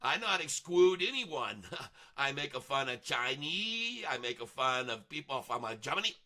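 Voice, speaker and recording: A man's voice: medium pitch, sing-song, normal speed, pushed and bright. A man putting on a giggly broken-English voice. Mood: gleeful. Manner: broken grammar, giggling, playful. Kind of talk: live-stream voice bit.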